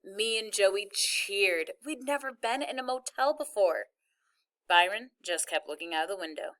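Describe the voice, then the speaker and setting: Bright-voiced woman reading a novel aloud. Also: medium pitch, normal speed. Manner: wry, lively storytelling. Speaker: audiobook reader. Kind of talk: reading a novel aloud as first-person narrator.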